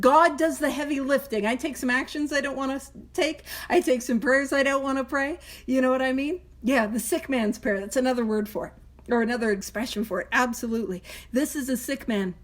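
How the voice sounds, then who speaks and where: Animated woman leading a study group. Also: high voice. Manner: animated, laughs at herself, speaks prayers slowly and softly. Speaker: Big Book study leader. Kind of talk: group recovery study talk.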